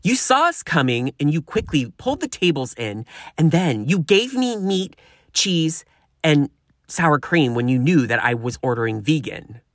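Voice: mid-range voice, very animated, unhurried, fairly bright tone, dry recording, studio quality. A podcast host voicing an entitled, accusing woman customer who whines and insists over and over. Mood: indignant. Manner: whiny, insistent, repetitive.

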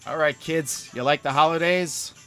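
A man's voice: on the high side, normal speed, over music. A man with a nasal, congested voice from a sinus infection, hosting a casual podcast chat and laughing often. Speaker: podcast host.

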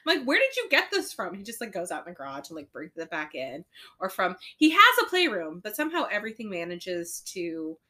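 A woman's voice: on the low side, fairly quick. A woman in her thirties co-hosting a podcast, telling family stories in a casual, laughing way. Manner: lively, laughing storyteller. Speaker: podcast co-host. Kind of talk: casual chat.

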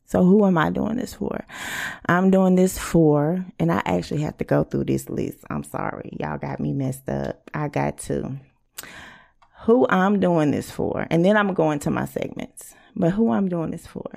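A woman's voice: on the low side, moderate pace, gravelly, warm tone. A woman hosting a casual podcast, blunt and profane, acting out quoted arguments. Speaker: podcast host.

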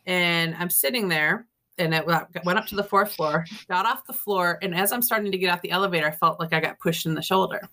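Bright-voiced woman telling ghost stories. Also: fairly low pitch, fairly quick. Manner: lively storyteller, acts out quoted dialogue, laughs often. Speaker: guest author. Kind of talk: casual ghost storytelling in an interview.

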